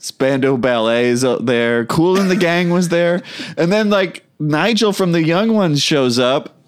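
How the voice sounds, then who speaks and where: A man co-hosting a podcast in casual chat, relaxed and chuckling as he tells loose stories. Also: fairly high pitch, a little slow, clean tone, dry recording, clean studio sound. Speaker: podcast co-host.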